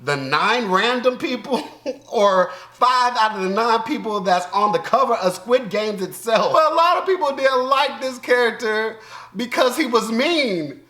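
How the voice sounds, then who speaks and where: Animated Southern man ranting. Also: very high voice, unhurried, reverberant. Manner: animated, joking, loud outbursts and laughter. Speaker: YouTube reaction host. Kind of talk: casual commentary.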